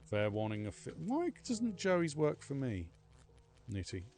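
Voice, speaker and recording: A man's voice: medium pitch, huge pitch swings, measured pace, a little mellow. A man streaming a game live, chatting casually with viewers in a rambling, self-mocking way. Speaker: livestreaming gamer. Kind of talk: casual live gameplay chat.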